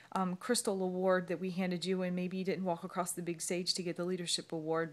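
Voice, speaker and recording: A woman talking from her bed at home into a phone camera, rambling and emotional as she holds back tears. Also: fairly low pitch. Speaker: fitness coach. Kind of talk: emotional video message.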